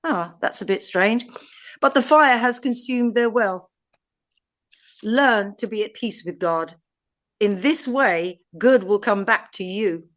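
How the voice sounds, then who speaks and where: A woman with an English accent, co-hosting a podcast and reading scripture aloud in a measured, deliberate way. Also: medium pitch, fairly bright tone. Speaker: podcast co-host.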